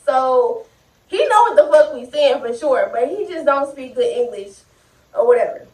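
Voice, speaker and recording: A young adult woman telling a story in a casual, animated, profane way, speaking straight to her viewers. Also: high-pitched, normal speed. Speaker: vlogger. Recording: roomy sound, distant mic.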